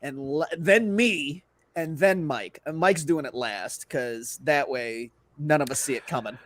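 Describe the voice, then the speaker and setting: A man co-hosting a sports podcast, making crude jokes and laughing quickly. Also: fairly high pitch, a bit bright. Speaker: podcast co-host. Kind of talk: casual sports chat.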